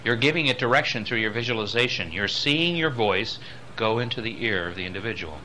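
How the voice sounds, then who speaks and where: A man teaching a lecture on voice and speaking, dropping low and soft, then rising loud to show his points. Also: animated, brisk, a little hiss or hum. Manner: demonstrates voices, swings between soft and loud. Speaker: spiritual voice teacher. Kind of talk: recorded lecture on voice.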